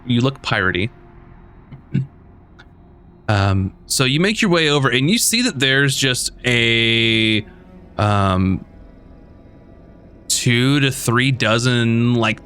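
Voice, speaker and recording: A man's voice: mid-range voice, animated, slow, long pauses, pushed and bright, faint music behind. A man narrating a tabletop game as game master, rambling with lots of fillers.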